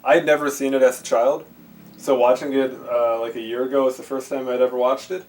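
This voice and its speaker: A man's voice: mid-range voice, level tone, a little fast, a little mellow. A man vlogging about VHS movies, rambling with lots of fillers and restarts, recorded on a camcorder in his bedroom. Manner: rambling, filler-heavy, self-interrupting. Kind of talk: casual rambling movie talk. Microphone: handheld camcorder mic. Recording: faint hiss from a camcorder.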